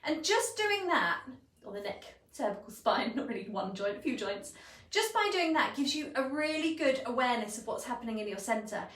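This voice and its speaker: A woman teaching a pilates class, calmly cueing each movement and breath step by step. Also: a little high, brisk. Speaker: pilates instructor. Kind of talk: guided exercise instruction. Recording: echoey room, voice from a distance.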